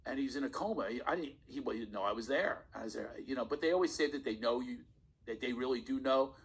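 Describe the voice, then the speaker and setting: Man, husky voice, comedian guest, animated storytelling, laughs mid-sentence. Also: medium pitch, fast talker, poor audio. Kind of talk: casual podcast storytelling.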